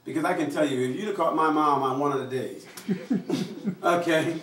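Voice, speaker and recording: American man giving an animated talk. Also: on the high side, moderate pace, slight background noise. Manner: animated, acts out quoted voices. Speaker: invited speaker. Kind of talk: public address to an audience. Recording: echoey room, mic far off.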